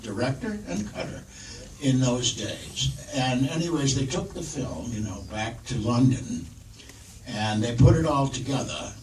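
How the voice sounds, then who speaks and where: A man's voice: mid-range voice, expressive, unhurried. A man telling a self-mocking story at a live interview, chuckling as he speaks. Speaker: actor telling a story on stage. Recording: echoey, distant, loud noise.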